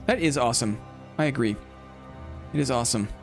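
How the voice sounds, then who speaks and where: A man's voice: medium pitch, a little fast, soft background music. A man casually commenting while he plays a game on a live stream, chatting playfully with his viewers and reading their messages aloud.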